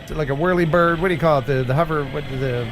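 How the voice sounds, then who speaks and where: A man's voice: a little high, quick pace, fairly bright tone, slight background noise. A man hosting a casual live stream, joking and rambling with his co-hosts. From United States. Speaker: livestream host.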